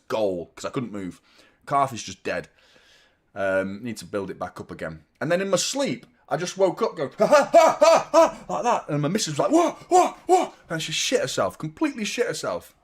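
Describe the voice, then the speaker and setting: Guy, 30s, hosting a football watchalong, casual and sweary, laughing at himself, pitch jumping up and down a lot. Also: brisk. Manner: animated, sweary, self-mocking storyteller. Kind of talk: casual live-stream chat.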